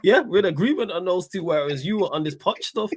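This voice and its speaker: Confident fast-talking male podcast co-host. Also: sits high, expressive, a loud crowd. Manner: self-assured, argues back. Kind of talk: casual banter.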